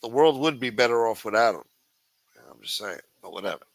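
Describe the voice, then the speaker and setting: A man's voice: medium pitch, lively intonation, a little fast, creaky, dry recording, poor audio. A man hosting a livestream, ranting with constant profanity in a sneering, contemptuous way. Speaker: livestream host.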